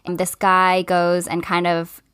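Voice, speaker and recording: A woman's voice: lowish voice, monotone, unhurried, a bit bright, clean tone, no room sound, studio quality. A woman in her thirties co-hosting a casual podcast, chatty, with lots of fillers and frequent laughs. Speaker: podcast co-host. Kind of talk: casual chat.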